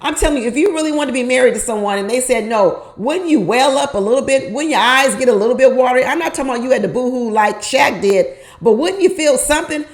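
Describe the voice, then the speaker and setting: A woman with a slightly high voice gives her frank take on a reality show in a casual, conversational way. She drives home each point by repeating it and often turns to the listener with rhetorical questions. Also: expressive, fast, hardly any pauses. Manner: emphatic, repeats points for effect; opinionated, asks the viewer rhetorical questions. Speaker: reality TV commentator. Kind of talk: casual reaction commentary.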